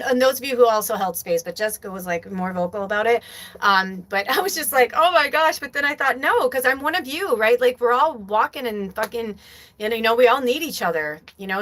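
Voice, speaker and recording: A woman's voice: mid-range voice, a bit bright, poor audio. A woman hosting a spiritual medium livestream, talking in a casual, rambling way, full of fillers and heartfelt asides. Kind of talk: casual live-stream chat.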